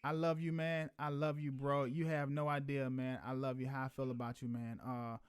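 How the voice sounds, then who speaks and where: Earnest man hosting, smooth voice. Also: mid-range voice, flat delivery, normal speed. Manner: heartfelt, earnest, repeats man often. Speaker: host. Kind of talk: casual chat.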